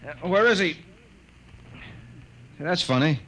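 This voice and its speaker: A brisk, offhand army colonel. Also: male voice, a little high, animated, fairly bright tone. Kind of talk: 1940s radio acting. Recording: noisy old radio recording.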